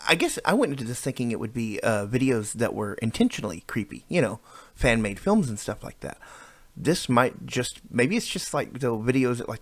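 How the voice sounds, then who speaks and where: A man rambling through reaction commentary in a middle-pitched voice, joking at his own expense and stumbling into restarts. The sound is dry and close on a studio mic, with no room around it. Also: no echo. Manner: rambling, self-deprecating, many restarts. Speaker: YouTuber reacting to videos. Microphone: new studio microphone.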